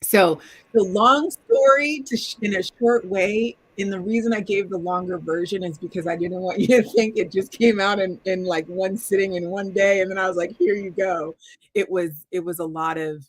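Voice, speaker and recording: A middle-aged woman author telling stories on a video call, lively and acting out the quotes of others. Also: medium pitch, moderate pace, breathy edge. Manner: animated storytelling, acting out quotes. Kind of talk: virtual author talk.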